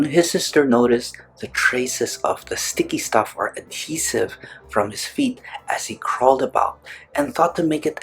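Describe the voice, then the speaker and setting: Reading a classic tale, this storyteller often breaks off to restate harder vocabulary in simple English and plays out the quoted lines with fun. The voice is mid-range with a breathy edge.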